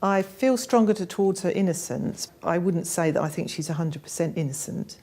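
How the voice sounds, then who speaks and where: A woman's voice: lowish voice, a little fast, mellow. A woman presenting a documentary, talking in an earnest, thoughtful way with interviewees. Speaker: presenter and investigator. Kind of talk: documentary interview and to-camera talk.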